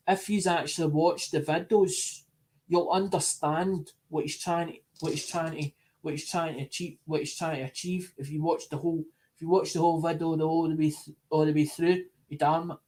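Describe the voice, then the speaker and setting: Here a coin collector vlogger talks casually and without hurry to his supporters, rambling and going back over or restarting his phrases. The man's voice is a bit high and has a darkish quality.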